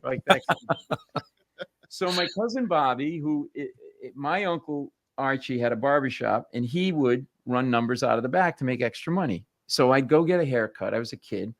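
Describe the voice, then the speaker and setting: A male comedian telling family stories on a talk show, animated and punchy, slipping into voices. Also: mid-range voice, moderate pace, no echo. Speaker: comedian guest. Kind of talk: comic storytelling.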